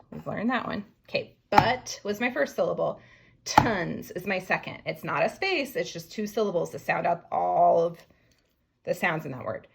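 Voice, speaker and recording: Woman, young adult, teacher, phonics lesson for kids, sounds out words letter by letter, slow. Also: lowish voice, vocal fry, slightly rough.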